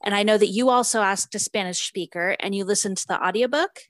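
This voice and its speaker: A woman's voice: mid-range voice, fast, no echo. A woman co-hosting a podcast in casual chat, chatty and giggly with many fillers, also reading out a book synopsis. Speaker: podcast co-host.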